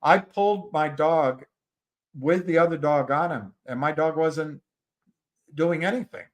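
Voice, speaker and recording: A man hosting a live stream, telling a story in a halting, rambling way with many restarts and reading out viewer comments. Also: fairly high pitch. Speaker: livestream host. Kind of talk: casual livestream chat and storytelling.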